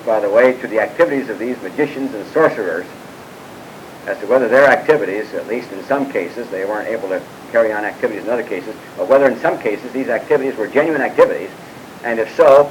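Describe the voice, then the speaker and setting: A man leads a scripture class at a steady, middling pitch. He works through the text while asking his students questions, often stopping on fillers and side remarks. A faint low rumble and hiss sits behind the recording. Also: fast, rough recording. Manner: questioning students, frequent "uh" and "by the way" asides. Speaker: Bible teacher. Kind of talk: classroom Bible lecture.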